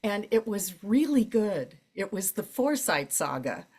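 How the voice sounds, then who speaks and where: An older woman who narrates audiobooks, telling her stories in a relaxed conversational way, laughing often and jumping high in pitch for emphasis. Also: unhurried, husky. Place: library event, interview setting.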